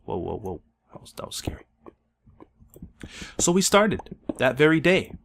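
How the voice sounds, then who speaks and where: A man hosting a gaming video, telling an absurd made-up story in a deadpan, mock-solemn way that breaks into laughter. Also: mid-range voice, unhurried, vocal fry. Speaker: Let's Play host. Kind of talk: absurd tall-tale storytelling while gaming.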